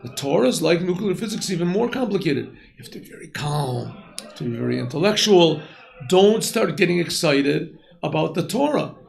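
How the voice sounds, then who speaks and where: Male rabbi leading a Torah class, high voice with a gravelly edge, clears his throat often. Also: sing-song, a little fast. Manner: alternates Hebrew text with English explanation. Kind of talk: Torah lesson. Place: yeshiva classroom.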